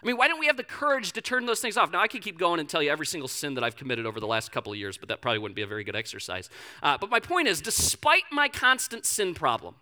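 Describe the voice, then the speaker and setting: Pastor, male, 30s, bright tone; conversational sermon delivery with big swings between punchy and hushed. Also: a little high, very animated, rapid-fire.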